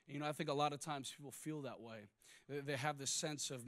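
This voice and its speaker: A man preaching a sermon, moving between quiet personal stories and loud, rising exhortation. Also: medium pitch, fairly even intonation, fairly quick. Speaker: pastor.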